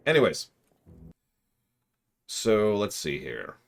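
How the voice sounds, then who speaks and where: A man's voice: medium pitch, big pitch swings, normal speed, pauses often. A man streaming a game and chatting with his viewers, rambling as he works through puzzles aloud. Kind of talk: casual livestream commentary.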